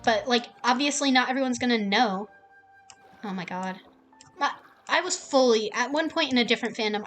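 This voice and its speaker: Swearing freely, a woman on a stream rants in a casual way, quickly imitating other people's words in mock voices. Her voice is a little high and a bit bright.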